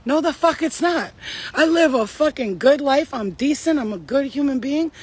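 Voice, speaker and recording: A woman's voice: a little high, expressive, fairly quick, a little hiss or hum. Blunt, profane woman ranting. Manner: blunt, profane, heated and emphatic. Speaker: spiritual vlogger. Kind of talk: casual storytelling rant.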